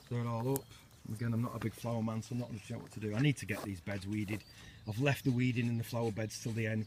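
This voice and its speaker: A middle-aged man rambles cheerfully through a tour of his allotment, laughing at himself as he goes. His voice sits at an everyday middle pitch. It is recorded outdoors on a camera, with a faint hiss of open air behind him. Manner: chatty, self-mocking, laughs often. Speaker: allotment gardener vlogger. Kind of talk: casual walking tour.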